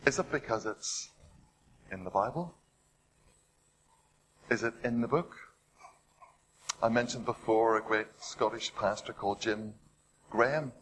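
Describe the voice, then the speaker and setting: A man preaching a sermon. He retells stories with rising drama, asks the listeners rhetorical questions and drops to a hush on heavy points. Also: medium pitch, slight background noise, poor audio.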